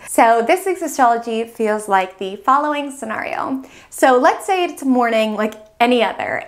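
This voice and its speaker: A woman with a voice pitched a little above the usual talks through a weekly astrology forecast. She tells it as a vivid story addressed to the listener, with lively and expressive delivery. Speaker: astrology host.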